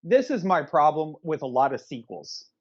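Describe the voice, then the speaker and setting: A man co-hosts a casual movie review podcast with a crude, ranting delivery. His pitch swings widely, and the recording sounds dull and lo-fi. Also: very animated, moderate pace.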